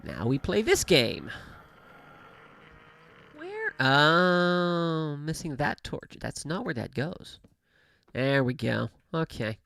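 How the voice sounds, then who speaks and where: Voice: mid-range voice, sing-song, a little slow, gravelly, no echo. A gaming livestream host chatting casually into a studio mic with a pop filter, rambling with fillers and self-corrections and laughing often. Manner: laughs often while talking. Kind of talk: casual chat while livestreaming a game. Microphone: studio microphone with pop filter.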